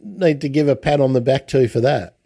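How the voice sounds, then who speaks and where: A man's voice: medium pitch, warm tone, no echo. Aussie guy hosting an interview, chatty, keeps restarting, dry close sound. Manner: chatty, halting, many restarts. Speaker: podcast host. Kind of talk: casual interview.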